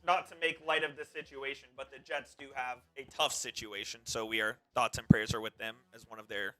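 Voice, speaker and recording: A man co-hosting a live sports stream, chiming in with quick remarks. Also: mid-range voice, steady tone, bright, forceful tone, faint music behind. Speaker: sports show co-host.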